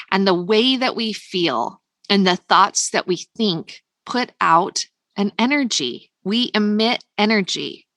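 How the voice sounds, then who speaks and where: American lady doing a pep-talk podcast, bright clear voice, dry close sound. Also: mid-range voice, dry recording. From United States. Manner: upbeat, emphatic, repeats phrases for stress. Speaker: podcast host. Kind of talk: motivational podcast monologue.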